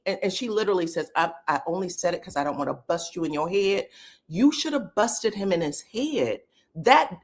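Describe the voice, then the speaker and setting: A woman commenting casually on a reality show, acting out the cast's lines in sudden, sharply higher voices. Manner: animated, acts out quotes from the show with big pitch jumps.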